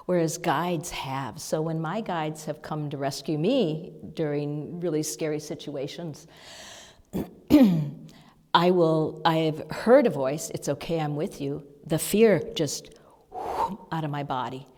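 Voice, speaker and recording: Sitting before the congregation, a low-pitched woman minister gives a sermon lesson in a conversational style. She tells stories in a soft, halting way with breathy asides, and the recording carries a large hall's long reverb.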